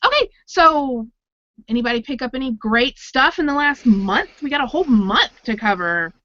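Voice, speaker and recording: A talkative woman hosts a casual chat over an online call, laughing between lines. Her voice is bright and a little high. The sound is dry and somewhat dull, like call audio. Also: lively intonation, normal speed, no room sound. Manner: chatty and laughing often. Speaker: podcast host.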